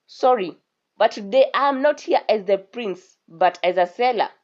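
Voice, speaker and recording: A woman's voice: mid-range voice, lively intonation, moderate pace, lightly acted. A woman voicing a stubborn, hot-tempered young prince who gives firm commands and raises his voice in anger. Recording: dull lo-fi recording.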